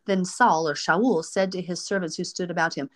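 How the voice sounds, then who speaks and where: A woman hosting a Bible study, reading scripture aloud and discussing it earnestly, slowing down to stress key words. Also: fairly low pitch, steady tone.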